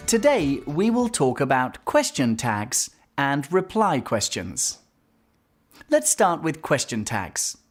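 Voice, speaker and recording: A woman English teacher narrating a grammar lesson in a clear, explaining way. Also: low voice. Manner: clear, explaining, reads examples aloud.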